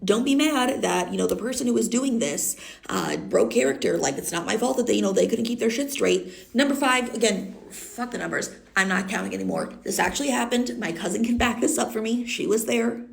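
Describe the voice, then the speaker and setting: Gravelly-voiced woman with a stuffy nose. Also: on the high side, a little fast. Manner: chatty, blunt, swears freely. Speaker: content creator. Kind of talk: casual storytime vlog. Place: indoors, green-screen setup.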